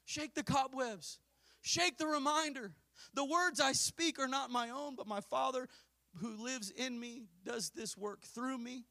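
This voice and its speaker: A man preaching a fiery Pentecostal sermon as pastor, swinging from hushed asides to drawn-out shouts. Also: extremely high pitch, vocal fry.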